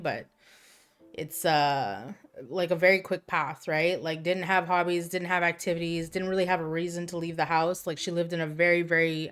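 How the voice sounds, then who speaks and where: A woman's voice: fairly low pitch, smooth. A young adult woman streamer in casual chat, telling crude, candid stories in a rambling way.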